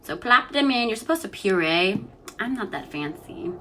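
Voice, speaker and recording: A young woman hosts her home vlog in a chatty, giggly way, with lots of fillers and trailing thoughts. Her voice sits at an ordinary middle pitch. A faint hiss of room noise runs underneath. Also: very animated, normal speed, fairly bright tone. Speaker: host of a news and cocktail vlog. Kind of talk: casual chat while mixing a drink.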